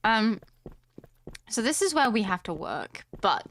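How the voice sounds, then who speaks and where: A woman's voice: medium pitch, very animated, a little slow, pauses often, fairly bright tone. A woman with a British accent commentating casually on a video game, chatty and playful as she reads the game's text aloud. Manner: chatty and playful, with frequent giggles and asides. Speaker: gaming video host. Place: at home.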